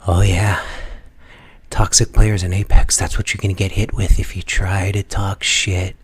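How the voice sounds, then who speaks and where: A man's voice: low-pitched, flat delivery, moderate pace, fairly bright tone, breathy edge. A man hosting a gaming channel, ranting casually in a mocking, profane tone. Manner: mocking, profane, trash-talking. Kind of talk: casual gaming vlog rant.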